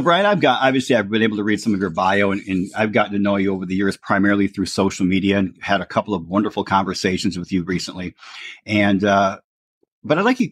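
A man's voice: on the low side, slightly rough, dry recording. A man hosting a podcast, chatting casually and repeating words as he goes. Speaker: podcast host. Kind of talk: casual interview chat.

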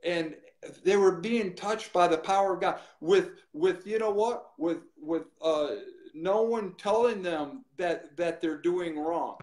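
A man, a guest minister, telling his testimony in an animated way and acting out the voices he quotes. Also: high voice, takes it slowly, roomy sound. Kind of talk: testimony storytelling.

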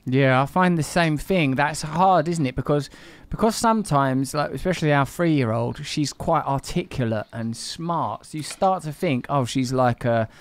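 A man's voice: on the high side, moderate pace, hardly any pauses, no echo. Wry man in his forties. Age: 40s. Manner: wry, reflective, swears casually. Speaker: podcast host. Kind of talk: casual conversation.

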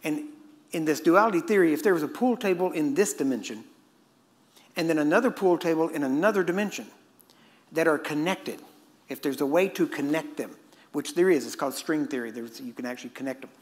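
A middle-aged man preaching a sermon in a conversational way, often asking his listeners "Amen?" and acting out the voices he quotes. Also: a little high. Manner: acts out quoted voices and chuckles mid-point.

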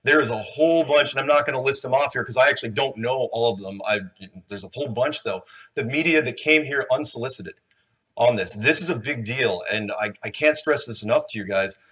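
A man's voice: medium pitch, brisk, a bit bright, breathy edge. A man on stage answering audience questions at a conference in a loose, rambling, joking way. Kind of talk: live Q&A. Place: conference hall.

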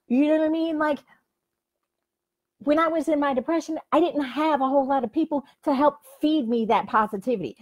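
A woman's voice: high voice, animated, moderate pace, a little mellow. Frank, emphatic older woman life coach. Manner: frank, emphatic, says "like" often. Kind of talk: motivational talk to camera. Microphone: facing the camera.

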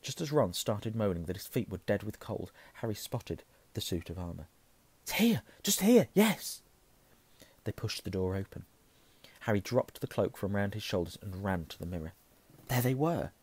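A hoarse man reading a novel aloud, hushing at tense moments and correcting himself. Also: fairly low pitch, normal speed, no room sound. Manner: self-correcting, softening to a hush at tense moments. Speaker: reader.

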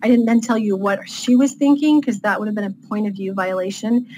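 A woman's voice: mid-range voice, fairly even intonation, fairly quick, a crowd in the background, rough recording. A woman author talking through writing tips in a casual interview, chatty and loose, with many fillers. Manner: chatty, with frequent fillers and light laughs. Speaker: author guest.

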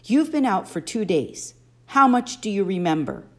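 A woman's voice: mid-range voice, very animated, normal speed, pitched above the performer's own voice. A woman voicing a nervous, sniffling young male satyr who keeps apologizing, in an audiobook. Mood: worried.

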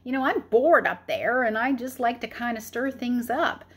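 Lady doing a bored little shepherd kid, teasing and yelling, high and breathy. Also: lively intonation, moderate pace. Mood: mischievous. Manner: playful, teasing, loud calls. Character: mischievous bored young shepherd boy.

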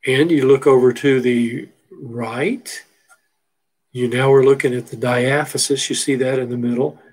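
A man's voice: medium pitch, fairly even intonation, measured pace, a little mellow, slightly rough, poor audio. A middle-aged man teaching a biology lecture from a textbook figure, folksy and full of rhetorical questions. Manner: folksy, asks rhetorical questions, repeats terms. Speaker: biology instructor. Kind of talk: recorded lecture walking through a textbook figure.

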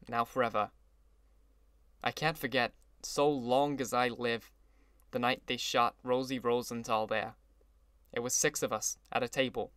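A man reading the part of an older gangster who is gloomy and sentimental, speaking slowly and broodingly. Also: mid-range voice, fairly bright tone, no echo, natural voice.

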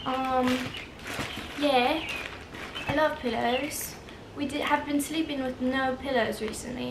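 A woman's voice: high-pitched, steady tone, a little slow, gravelly. A young woman in her twenties, talking casually through an apartment vlog. She rambles candidly and uses "like" constantly. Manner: rambling, heavy use of "like", candid. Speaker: vlogger. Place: apartment, indoors. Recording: echoey room with background noise.

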